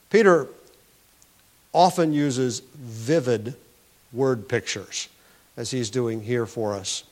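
A man with a somewhat high voice delivers a sermon. He teaches through a scripture passage in an earnest way, lifting his pitch and volume on key words. He often restarts a phrase before carrying on. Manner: earnest teaching with rising emphasis and frequent restarts. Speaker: pastor.

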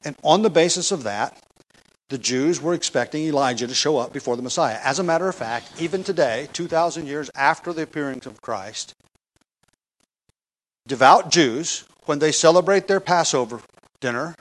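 Guy preaching a bible study sermon, kinda high voice, leans hard on key words. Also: lively intonation, low-quality recording. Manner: emphatic, slows down for stress; asks the congregation rhetorical questions. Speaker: pastor. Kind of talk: expository sermon.

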